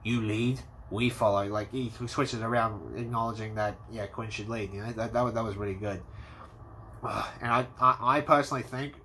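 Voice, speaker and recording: A man giving an excitable, casual movie review, swearing freely and acting out scenes. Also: lowish voice, normal speed, a little hiss or hum. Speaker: movie commentator.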